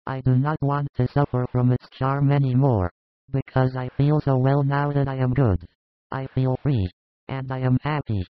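A man playing a humble, sincere disciple who speaks quietly and earnestly. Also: medium pitch, fairly even intonation, normal speed, dry recording, lo-fi sound, lightly acted.

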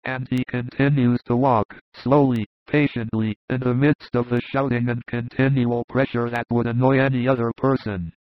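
Brief: man narrating steadily, mid pitch, dry lo-fi audiobook. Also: little pitch movement, no echo. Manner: measured, descriptive. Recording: dull lo-fi recording.

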